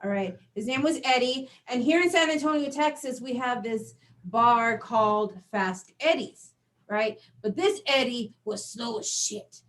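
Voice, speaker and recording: A middle-aged woman doing a stand-up comedy set in a small venue. Her voice sits high, and she tells the story with lively energy, acting out each bit of dialogue. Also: unhurried. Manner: animated storytelling, acts out dialogue.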